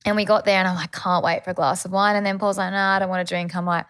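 Fast-talking Australian woman co-host. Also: mid-range voice, fairly even intonation, a bit bright, smooth. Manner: fast, filler-heavy chat, frequent "like", swears. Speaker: podcast co-host. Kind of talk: casual chat.

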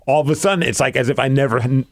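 A man's voice: medium pitch, racing, no echo, studio quality. A man from New York with a faint New York accent, hosting a casual podcast chat and laughing easily. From New York City. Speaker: podcast host.

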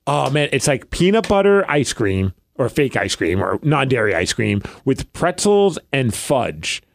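A man's voice: medium pitch, unhurried, vocal fry, no echo, studio quality. A man in his thirties, co-hosting a podcast, chatting casually and telling stories with frequent laughter. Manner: animated storyteller, laughs often. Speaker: podcast co-host. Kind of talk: casual chat.

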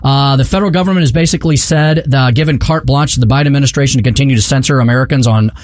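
A man hosting a political talk radio show in a studio, talking in a brisk, emphatic way. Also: mid-range voice, dry recording. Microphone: studio microphone.

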